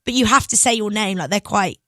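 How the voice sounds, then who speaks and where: A young woman, a singer, telling stories in an excitable, giggly way as a radio guest. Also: medium pitch, fast talker, no echo. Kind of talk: casual interview chat. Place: radio studio.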